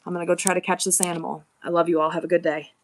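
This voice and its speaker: A woman's voice: fairly low pitch, little pitch movement, rapid-fire, slight background noise. A woman chatting casually on a livestream from her shop, effusive and thankful toward her viewers. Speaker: livestream seller. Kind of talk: casual live-stream chat. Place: indoors in her shop, a former thrift store.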